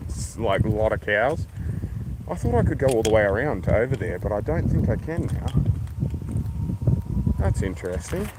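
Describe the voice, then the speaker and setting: A man with an Australian accent hosting a casual livestream while walking through a park, rambling and swearing freely. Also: mid-range voice. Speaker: livestream host. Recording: outdoor noise around the mic.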